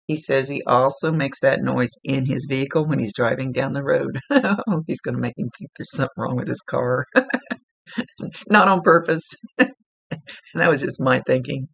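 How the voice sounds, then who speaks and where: A man with a gravelly, creaky edge to his voice talks through a psychic reading in an easygoing, chatty way. He stops to rephrase himself and laughs readily. His pitch sits in an ordinary middle range. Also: unhurried, fairly bright tone. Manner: chatty, self-correcting, laughs easily. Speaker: psychic medium. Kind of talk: relaxed spoken reading, conversational.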